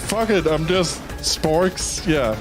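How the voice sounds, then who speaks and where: Danish guy streaming a game, casual, swears a lot, slow talker, music in the back. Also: on the high side. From Denmark. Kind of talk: gameplay commentary and reading text aloud.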